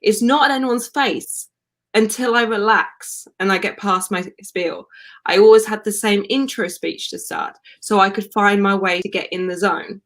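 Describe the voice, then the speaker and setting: Woman chatting on a video call podcast, animated storyteller, laughs easily, mid-pitched. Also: normal speed. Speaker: podcast guest, wellness coach. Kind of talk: casual live podcast chat over video call.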